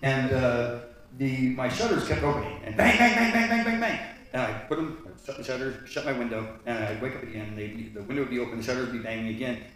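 A man telling a personal story live on stage, animated and full of restarts. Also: medium pitch, fast talker. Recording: echoey hall from far off.

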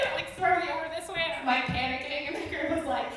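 A woman's voice: high-pitched, brisk, fairly bright tone. A woman telling a funny personal story on stage, chatty and giggly with lots of fillers. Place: stage at a live storytelling event. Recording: echoey hall, distant mic, background noise.

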